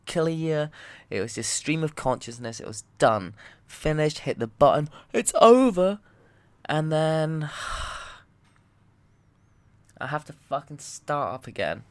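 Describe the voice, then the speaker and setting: A man, a comedian and podcast host, delivering a loud, swearing, animated comedic rant. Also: medium pitch, no echo. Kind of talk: ranting comedic monologue.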